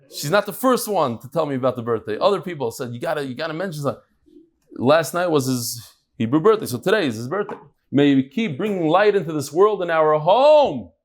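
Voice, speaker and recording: A middle-aged man leads a daily Talmud class in a lively, jokey way, his voice sitting a little high for a man. He shifts between plain English and Hebrew-Aramaic terms as he explains. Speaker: Talmud class teacher and host. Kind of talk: lively Talmud lesson to a live group.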